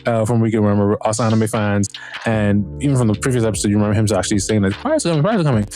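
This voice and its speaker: A man's voice: medium pitch, a little mellow. Rambling, profane man reviewing a show. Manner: rambling, profane, frequent fillers and restarts. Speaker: podcast host reviewing a TV series. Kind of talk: casual solo review chat.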